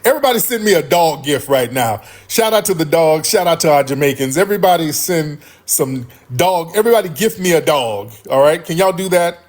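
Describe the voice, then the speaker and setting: A man hosting a live stream, talking casually with loud laughter and profane banter. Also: on the high side, expressive, a little fast, hardly any pauses. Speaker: livestream host.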